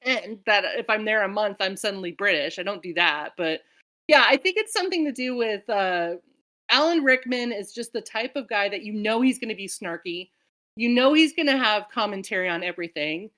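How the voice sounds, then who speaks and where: A woman's voice: medium pitch, expressive, brisk, sharp tone. An American woman co-hosting a book club, talking in a rambling, chatty way that jumps between tangents. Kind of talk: casual chat.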